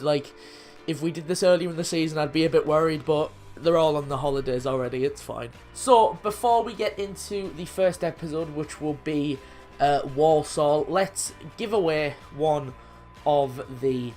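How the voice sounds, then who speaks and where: A young man in his twenties giving excitable, sweary commentary over his own football video game match. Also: fairly high pitch. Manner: excitable, sweary, frequent frustrated outbursts. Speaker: gaming YouTuber. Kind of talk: gameplay commentary.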